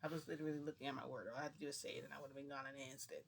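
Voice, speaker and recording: A man's voice: medium pitch, steady tone, rapid-fire, vocal fry, fairly bright tone, slight background noise. A man casually retelling a personal story to the camera, rambling and acting out dialogue with "I'm like" and "he goes". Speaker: vlogger.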